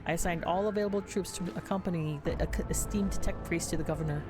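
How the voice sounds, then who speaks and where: A woman voicing a gruff, loyal male sergeant in a put-on Southern accent, earnest and deferential, over game music. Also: fairly low pitch, fast talker, lightly acted. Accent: put-on American Southern. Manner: earnest, deferential, plain-spoken.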